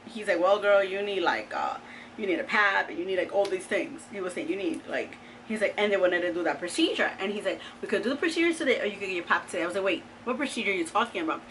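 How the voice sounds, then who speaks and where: A woman in her thirties telling a personal story to her camera in a chatty, animated way, full of fillers and exclamations. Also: medium pitch, fast talker, slight background noise, poor audio. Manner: chatty, animated, lots of "like" and "oh my God". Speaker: vlogger.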